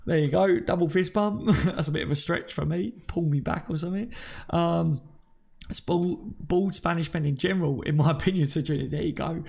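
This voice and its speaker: A man's voice: fairly high pitch, moderate pace, gravelly, a little mellow. A man hosting a live fan stream, chatting casually, reading out viewer comments and calling people mate and buddy. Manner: chatty and matey, calls listeners mate and buddy.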